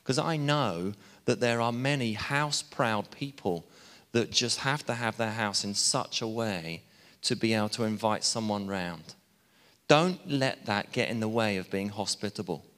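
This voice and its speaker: Chatty preacher in a reverberant hall. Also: male voice, on the low side, measured pace. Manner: chatty, warm asides, laughs at himself. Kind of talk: sermon.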